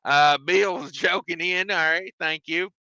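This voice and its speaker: A man's voice: sits high, steady tone, unhurried, sharp tone, smooth, no echo, muffled recording. A man, a trucker chatting on his live stream from his truck cab and reading out viewer comments with jokes. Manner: drawling, joking, self-mocking.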